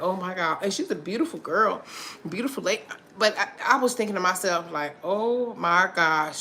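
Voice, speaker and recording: A woman's voice: on the low side, sharp tone. A woman chatting animatedly with her livestream viewers, laughing and calling them girl and y'all. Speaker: vlogger on a livestream.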